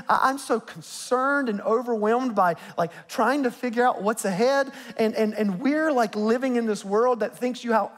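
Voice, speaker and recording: Pastor, male, high voice, casual sermon delivery with hushed asides, church hall reverb. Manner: conversational, dropping to soft near-whispers for emphasis. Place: church sanctuary.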